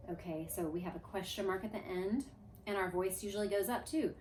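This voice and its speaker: A woman's voice: mid-range voice, brisk, slight background noise. Woman teacher coaxing a class. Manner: lively, coaxing, leads chants. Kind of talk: classroom grammar review. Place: classroom with a board. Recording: echoey room.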